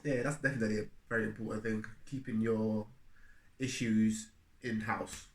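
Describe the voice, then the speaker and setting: In an echoey room, a husband co-hosting a marriage video talks casually in a lowish, level voice at a moderate pace. He offers earnest, reflective advice about marriage and laughs easily as he goes.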